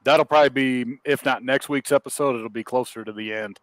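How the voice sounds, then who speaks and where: A blunt, profane man chats as co-host of a podcast. His voice is mid-pitched and the sound is close and dry. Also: dry recording, low-quality recording. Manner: blunt, profane, quick to agree. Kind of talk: casual chat.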